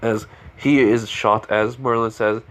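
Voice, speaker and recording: A man's voice: medium pitch, steady tone, a little slow. A man casually improvising a fan story, rambling with lots of fillers and restarts.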